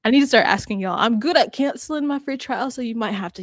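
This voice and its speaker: A woman's voice: fairly high pitch, quick pace, hardly any pauses, dry recording, studio quality. A woman hosting a casual reaction chat, talking with laughs and acting out quotes. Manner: chatty, laughs often, acts out quotes. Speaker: host.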